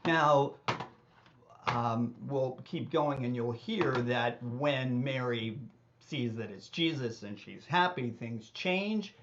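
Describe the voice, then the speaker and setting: Relaxed man teaching over an organ. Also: mid-range voice, takes it slowly, highs cut off, background noise. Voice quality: wobbly singing voice. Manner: relaxed, self-deprecating, talks with false starts. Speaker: music teacher. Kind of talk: casual teaching with sung examples. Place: home music studio. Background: organ accompaniment.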